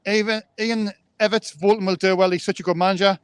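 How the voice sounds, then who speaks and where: Brief: man, live host outdoors on a handheld mic, high and chatty, keeps repeating himself. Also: steady tone, fast talker, smooth, no echo. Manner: chatty, rambling, repeats words. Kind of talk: casual live chat. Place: outdoors, windy.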